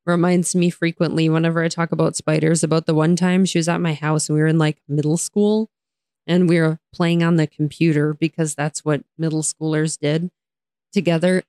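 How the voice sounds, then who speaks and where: Giggly, lively woman podcast co-host. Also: sits low, no echo, clean studio sound. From United States. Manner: animated, laughs often, rants. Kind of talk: casual chat.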